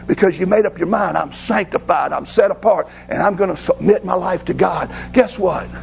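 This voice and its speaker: A pastor tells a personal story in a sermon, folksy and excitable. His voice sits fairly high and is heavily gravelly. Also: poor audio.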